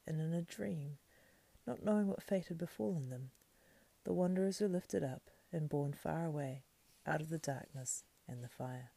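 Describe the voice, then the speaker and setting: A woman reading a fantasy novel aloud in a soft, slow, partly whispered and breathy manner. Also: low voice, dry recording. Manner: slow, hushed, breathy, unhurried. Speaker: reader.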